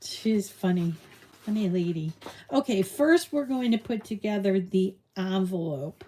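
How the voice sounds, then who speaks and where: A middle-aged woman hosts a live crafting lesson in an easy, chatty way, and she often drifts onto side stories. She talks at an unhurried pace with a warm, mellow voice. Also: medium pitch, lively intonation. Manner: rambling, chatty, drifts off on tangents. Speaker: crafting show host. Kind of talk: casual live crafting tutorial chat.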